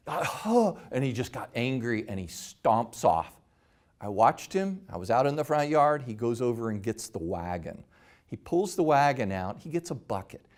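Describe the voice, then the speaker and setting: A middle-aged man hosts his own talk and tells a personal story. He talks at a medium pitch and acts out the quoted lines with animation. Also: expressive, normal speed, darkish tone. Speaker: host.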